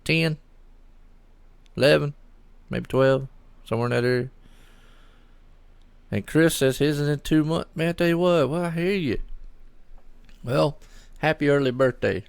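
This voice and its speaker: Gravelly chatty man commentating. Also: a little high, measured pace, long pauses, dry recording. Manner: chatty, rambling, talks to chat viewers. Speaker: sim racing commentator. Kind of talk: solo live race commentary.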